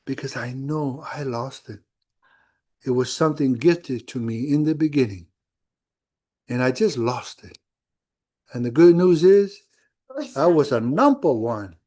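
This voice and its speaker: Middle-aged male pastor, warm low-key tone, conversational sermon storytelling in a church. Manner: conversational storytelling with quoted dialogue.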